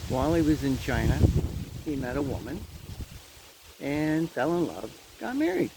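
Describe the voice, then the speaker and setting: This Canadian vlogger's mid-range, darkish voice swings widely in pitch at a normal speed as he laughs through a casual personal anecdote. The rough recording was made outdoors on a windy day, with light wind noise audible.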